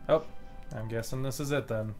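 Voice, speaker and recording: A man's voice: mid-range voice, steady tone, moderate pace, darkish tone, faint music behind. A man streaming a playthrough live, rambling in casual commentary as he plays, swearing freely and chuckling often.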